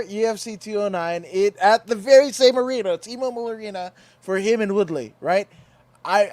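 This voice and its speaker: A man's voice: high-pitched, no room sound. A man in casual post-fight show chat, rambling with lots of fillers and swearing. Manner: rambling, profane, filler-heavy.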